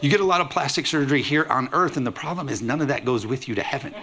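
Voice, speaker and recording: A man pastor preaching a lively sermon, acting out quoted voices with humor. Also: medium pitch, fast talker.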